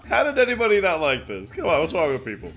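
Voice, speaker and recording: A man hosting a reaction video, chatting casually, excitable, laughing often and swearing freely. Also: a little high, fast, slightly rough.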